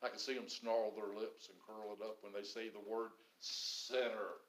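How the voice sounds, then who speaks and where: A man preaching a sermon in an animated way, acting out the grumbling crowd now and then. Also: mid-range voice, moderate pace, few pauses, reverberant, low-quality recording. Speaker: pastor.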